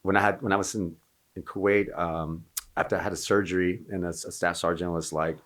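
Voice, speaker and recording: A middle-aged man with a deep, low voice tells a long war anecdote at a quick clip. He rambles, doubles back and restarts his sentences. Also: steady tone, a bit bright. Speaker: guest, Marine veteran. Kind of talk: casual storytelling.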